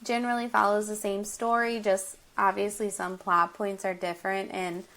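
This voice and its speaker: A woman's voice: medium pitch, flat delivery, moderate pace, fairly bright tone. An American woman co-hosting a casual movie-review podcast, laughing often as she talks. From United States. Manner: giggly, often laughing mid-sentence. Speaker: podcast co-host.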